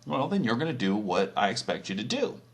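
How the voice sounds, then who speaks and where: A man's voice: lowish voice, sing-song, a little fast. A man voicing God as a blunt, profane, demanding boss in a comedy retelling. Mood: bossy. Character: bossy male God laying down the rules.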